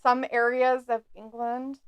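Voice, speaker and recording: A woman's voice: fairly high pitch, little pitch movement, measured pace, smooth, dry recording. A woman from the United States co-hosting a live stream, chatting and reading out viewer comments with frequent giggles. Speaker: co-host of a live watch-along stream. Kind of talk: casual live-stream chat.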